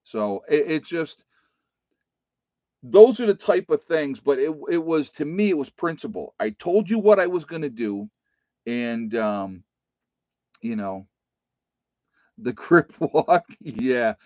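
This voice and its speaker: A man's voice: on the high side, sing-song, slow pace, pauses often, a little mellow, no echo. A middle-aged man with an Appalachian American accent, telling a story casually to his viewers and rambling with many fillers and restarts. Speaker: channel host. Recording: dull dry home recording.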